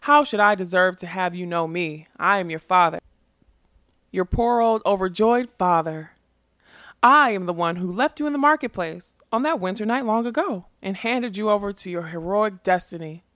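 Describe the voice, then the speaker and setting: A woman's voice: mid-range voice, normal speed, a bit bright, no room sound, studio quality, natural voice. A woman voicing a wheezing, self-pitying old man who wails and screeches. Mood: pleading. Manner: wailing, screechy.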